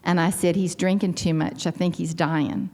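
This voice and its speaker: A Texan woman in her sixties telling her personal story at a convention with wry, self-deprecating humor and sudden lively leaps in pitch. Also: normal speed. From Texas. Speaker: convention speaker sharing her recovery story.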